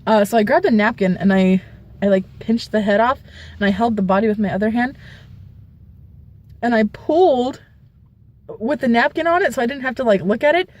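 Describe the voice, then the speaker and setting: A young woman vlogger telling a story casually, animated, with squeals and shrieks as she retells it. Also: a little high, brisk, long pauses.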